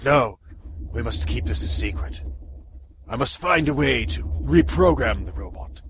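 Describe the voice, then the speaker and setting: A man's voice: mid-range voice, expressive, a little slow, a bit bright, a little hiss or hum. A man voicing a bumbling, vain mad scientist with a pompous, exasperated manner.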